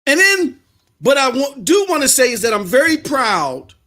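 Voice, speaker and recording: A man hosting a live-streamed podcast, talking straight to his viewers in an animated rant that often rises to yelling. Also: very high-pitched, moderate pace. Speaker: podcast host.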